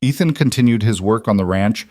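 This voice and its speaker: Low-voiced male audiobook narrator. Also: a little fast, a little mellow, no room sound.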